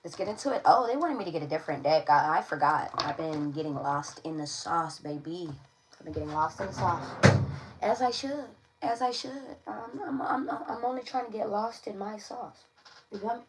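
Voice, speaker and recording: A woman's voice: medium pitch, lively intonation, normal speed, a little hiss or hum, poor audio. A woman giving a casual tarot reading to camera, slangy and playful, often checking in with her listeners. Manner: slangy, playful, keeps checking in with "all right?". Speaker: tarot reader.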